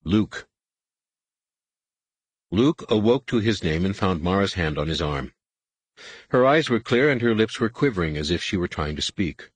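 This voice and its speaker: A man narrating a novel in a measured, dramatic way. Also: low voice, animated, slightly rough, no echo. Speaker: audiobook narrator. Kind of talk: scripted narration.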